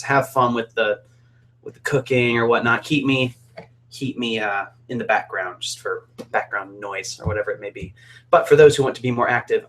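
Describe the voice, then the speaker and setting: A man's voice: mid-range voice, a bit bright. Upbeat man chatting on a live stream. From Alabama, USA. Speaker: singer hosting a live stream. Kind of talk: casual live stream chat.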